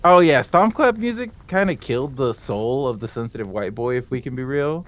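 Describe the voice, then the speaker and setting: A man's voice: mid-range voice, lively intonation, moderate pace. A young man in casual chat while gaming, rambling, joking and swearing freely. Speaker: streamer co-host.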